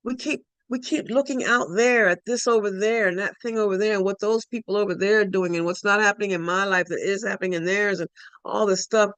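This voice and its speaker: A woman's voice: medium pitch, steady tone, fairly quick, a bit bright, clean tone, no echo. A woman giving a spiritual talk, emphatic and repetitive, often restarting her sentences. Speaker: spiritual speaker.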